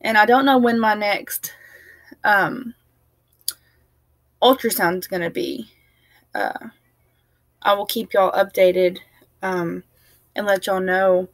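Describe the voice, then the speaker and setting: A woman's voice: medium pitch, fairly even intonation, slow, pauses often, dry recording. A young woman chatting to camera in a rambling, casual way, laughing now and then and sounding tired. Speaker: family vlogger.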